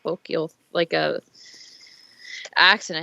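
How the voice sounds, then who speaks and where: A woman's voice: fairly low pitch, measured pace, creaky, fairly bright tone, no echo. A woman playing a tabletop role-playing game, speaking hesitantly with many fillers and restarts. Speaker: player. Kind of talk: tabletop role-play over voice chat.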